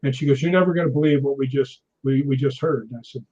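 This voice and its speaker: Husky-voiced man telling a lively ghost story. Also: medium pitch, quick pace. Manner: animated, acts out quotes, laughs often. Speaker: guest storyteller. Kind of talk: casual anecdote telling. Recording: dull lo-fi sound.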